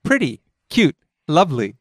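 A man's voice: huge pitch swings, moderate pace, husky, no echo, studio quality. A man hosting a casual language lesson, explaining words with an easy, joking manner. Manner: chatty, laughs easily, explains pitch accent.

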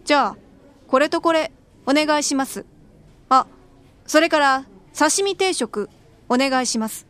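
A woman's voice: high-pitched, brisk, long pauses, a bit bright. A woman voicing a young woman customer asking about dishes in a scripted lesson dialogue. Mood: curious. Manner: curious, questioning.

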